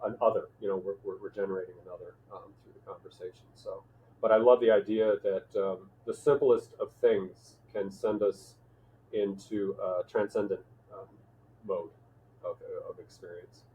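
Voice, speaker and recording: A male podcast host talking in a thoughtful, halting way, with many fillers and restarts. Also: fairly low pitch, steady tone, slight background noise. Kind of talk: reflective conversational chat. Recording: tinny phone-like line.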